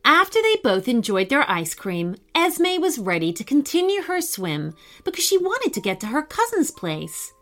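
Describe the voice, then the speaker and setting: A woman narrating a children's story in a lively, expressive reading voice. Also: high-pitched, moderate pace, hardly any pauses, soft background music.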